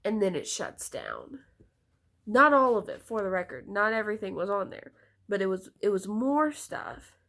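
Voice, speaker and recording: A woman's voice: mid-range voice, wildly swooping pitch, moderate pace, a bit bright. A woman telling a casual storytime vlog, rambling with many fillers and slightly congested from a cold. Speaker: storytime vlogger.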